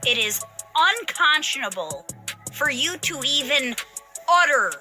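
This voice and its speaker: A woman's voice: high-pitched, very animated, measured pace, music in the background. A woman delivering an angry, profane political rant, hammering her words with heated emphasis. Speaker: political commentator.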